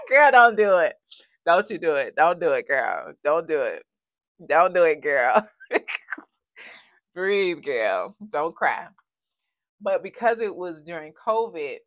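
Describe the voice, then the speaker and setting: A woman's voice: low-pitched, fairly bright tone. Emotional woman in her thirties telling her story. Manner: conversational and emotional, talks herself through tears with laughs. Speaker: vlogger sharing a personal story. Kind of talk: candid personal storytelling.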